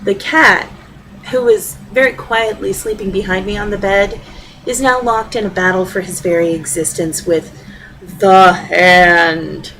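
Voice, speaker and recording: A woman's voice: mid-range voice, a little slow, slight background noise, rough recording. Wry middle-aged woman reading her essay. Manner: wry, deadpan storytelling. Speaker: student writer reading her own story. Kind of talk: reading a personal essay aloud.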